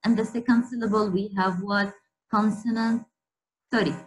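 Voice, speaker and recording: A woman's voice: mid-range voice, steady tone, normal speed, rough recording. A woman teacher leading an online spelling lesson for girls, repeating each word and quizzing the class.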